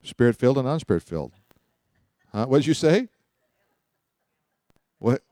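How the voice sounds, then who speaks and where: A man giving a Bible lesson like a sermon, animated and quick to joke as he tells stories. His voice sits at an ordinary pitch and sounds dry and close, with almost no room around it. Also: no room sound. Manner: animated, joking, storytelling. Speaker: Bible teacher. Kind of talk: teaching sermon.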